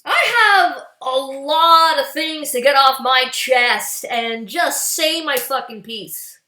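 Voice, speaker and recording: Furious profane woman ranting, high voice. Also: animated, slow, bright, forceful tone, roomy sound. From Canada. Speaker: political vlogger. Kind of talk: angry political rant.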